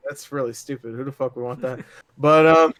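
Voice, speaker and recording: A man's voice: medium pitch, brisk, no room sound. A man co-hosting a casual gaming podcast, joking sarcastically and swearing a lot. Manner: profane, sarcastic, animated storytelling. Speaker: podcast co-host. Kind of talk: casual chat.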